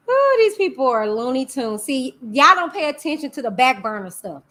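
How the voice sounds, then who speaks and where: High, pushed and bright, this woman's voice belongs to a YouTube host doing casual live-stream commentary. Sassy and chatty, she answers back to her chat.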